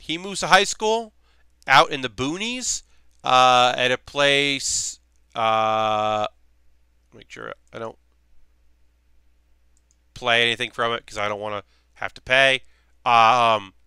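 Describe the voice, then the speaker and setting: A man's voice: medium pitch, bright, forceful tone, clean tone, no echo. A young man hosting a livestream, rambling casually with lots of fillers between points. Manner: rambling, filler-heavy, chatty. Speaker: streamer hosting a model-building show.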